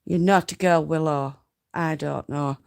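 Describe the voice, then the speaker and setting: Slow-talking Yorkshire woman, homely and chatty. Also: deep voice, steady tone, gravelly, darkish tone, clear, resonant tone. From North Yorkshire, England. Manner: chatty, laughs often, homely turns of phrase. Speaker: host of a live spinning stream. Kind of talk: casual live-stream tutorial chat.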